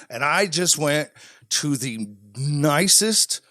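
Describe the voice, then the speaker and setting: A man from the Midwest co-hosting a podcast, telling a long story in a lively, laughing way. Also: on the high side, moderate pace, dry recording, studio quality. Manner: animated storytelling, frequent laughter. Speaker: podcast co-host. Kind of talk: casual podcast chat.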